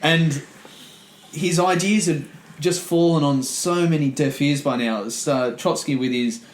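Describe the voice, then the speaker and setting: A man's voice: on the high side, a little slow, roomy sound, poor audio. A man co-hosting a history podcast, explaining events in casual chat. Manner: explanatory, with fillers and restarts. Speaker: podcast co-host.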